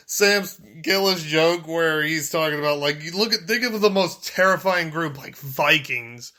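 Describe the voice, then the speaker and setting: A man's voice: a little high, moderate pace, few pauses, bright, forceful tone. A man casually reacting to a comedy special, laid-back and swearing freely as he retells the jokes. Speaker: reaction video host.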